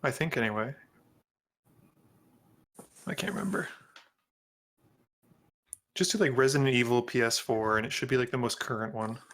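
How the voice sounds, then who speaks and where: A man's voice: mid-range voice, moderate pace, long pauses, fairly bright tone. A man chatting casually at a card game, easygoing and a little hesitant, repeating words as he thinks. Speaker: player.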